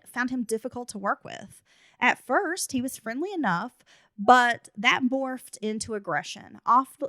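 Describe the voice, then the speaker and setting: A woman's voice: a little high, a bit bright, no echo, clean studio sound. A woman hosting a true crime podcast. She narrates the case details and breaks in with blunt, casual asides. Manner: reads case notes, then adds blunt asides. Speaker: podcast host.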